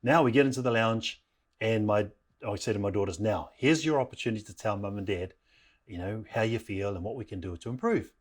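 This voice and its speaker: A man's voice: fairly low pitch, fairly quick. A middle-aged man from New Zealand telling a family story in a parenting talk, acting out the voices of his family as he goes. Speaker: parenting program speaker.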